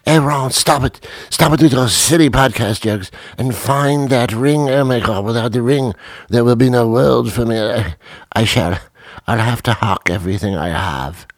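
A man's voice: normal speed, no room sound, clean studio sound, natural voice. Man doing a stammering nervous prince groom. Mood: panicked. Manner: hesitant and stammering, turning shrill and panicky.

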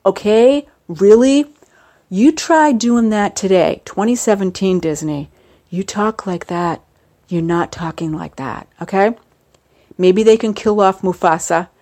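A woman's voice: expressive, unhurried, a little mellow. A middle-aged woman in a rambling, jokey casual monologue, her voice jumping up for emphasis. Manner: rambling, jokey, with sudden rises in pitch for emphasis. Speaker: vlogger.

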